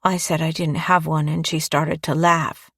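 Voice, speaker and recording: A woman voicing a cold young girl who speaks flatly and without emotion, in an audiobook. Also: low-pitched, moderate pace, vocal fry, breathy edge, no room sound, clean studio sound, exaggerated voice. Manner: flat, emotionless.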